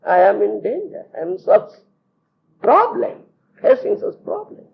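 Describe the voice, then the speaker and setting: A man's voice: extremely high pitch, sing-song, a little slow, gravelly, slight background noise, full character voice. A man voicing an anxious, praying Draupadi. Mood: anxious pleading. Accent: Indian English. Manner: pleading prayer. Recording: muffled lo-fi tape.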